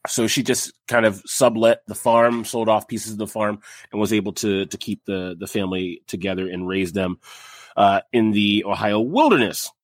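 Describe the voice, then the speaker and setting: A man's voice: lowish voice, normal speed, no room sound. Podcast host, male, young adult, casual rambling storyteller, dry close mic. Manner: rambling, frequent fillers and restarts, jokey asides.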